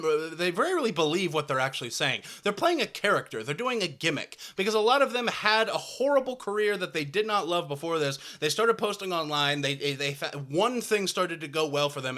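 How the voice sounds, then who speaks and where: Bright, animated man from rural Missouri. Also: a little high. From rural Southwest Missouri. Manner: rambling, animated, mocking voices with loud shouted bursts. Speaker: comedian. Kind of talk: comedic monologue.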